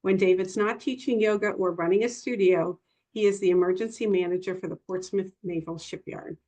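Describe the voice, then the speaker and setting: A woman's voice: mid-range voice, steady tone, a little fast, warm tone. Woman moderator introducing a speaker. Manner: polite, formal introduction. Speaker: session moderator. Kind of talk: reading a scripted introduction. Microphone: video call.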